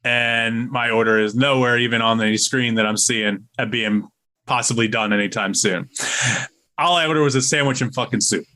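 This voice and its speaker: A man's voice: mid-range voice, sharp tone. A man co-hosting a podcast, telling stories in casual chat, laughing often and swearing. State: slightly under the weather. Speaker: podcast co-host.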